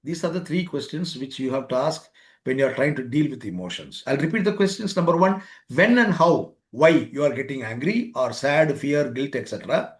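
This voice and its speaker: A man's voice: mid-range voice, lively intonation, moderate pace. A man giving a webinar lecture, repeating points and acting out everyday exchanges. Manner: repetitive, acts out both sides of everyday exchanges. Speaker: webinar speaker on life skills. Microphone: remote webinar microphone.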